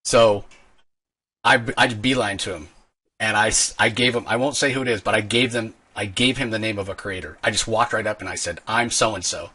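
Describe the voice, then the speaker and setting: A man's voice: on the low side, fairly quick, slightly rough. A man hosting a podcast, telling a long, rambling story in casual chat. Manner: rambling, animated storyteller with restarts. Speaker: podcast host.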